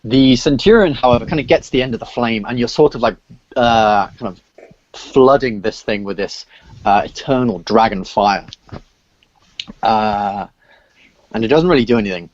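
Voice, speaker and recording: A man serving as dungeon master, narrating the action in a halting way with many filler sounds. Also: mid-range voice, no echo. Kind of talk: narrating a tabletop game. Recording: dull lo-fi audio.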